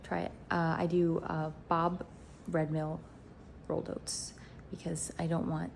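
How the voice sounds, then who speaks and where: A woman's voice: sits low, flat delivery, unhurried, creaky, slight background noise. A young woman talking casually to her viewers at home in a rambling, upbeat vlog. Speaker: vlogger. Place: indoors at home.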